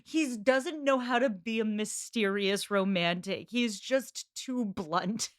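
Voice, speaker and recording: A woman's voice: medium pitch, takes it slowly. A young woman co-hosting a casual book podcast, laughing often and adding wry, crude asides. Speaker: podcast co-host. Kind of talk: casual book-club chat.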